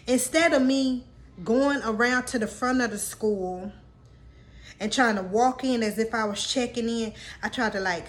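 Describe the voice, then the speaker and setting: A woman in her late twenties telling a personal story to her viewers in a candid, casual, slang-filled way. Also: on the high side. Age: late 20s. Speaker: vlogger.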